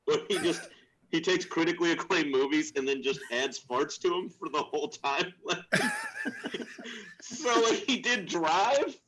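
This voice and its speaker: A male podcast co-host with a bright, sharp voice that swings widely in pitch. He tells anecdotes in a lively, giggling way. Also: measured pace, breathy edge, rough recording. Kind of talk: casual comedic chat.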